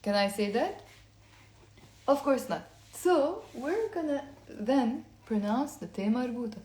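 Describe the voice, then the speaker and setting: A woman giving a casual online language lesson, talking low-key and quiet late at night, explaining step by step and having listeners repeat words aloud. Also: lively intonation, slow pace. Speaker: Lebanese Arabic teacher. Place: indoor room at night. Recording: echoey room.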